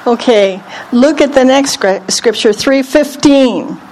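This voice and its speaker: A woman's voice: sits high, slow, a little mellow, a little hiss or hum, rough recording. Earnest woman teaching a Bible group. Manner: earnest, repeats phrases for emphasis. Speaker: preacher.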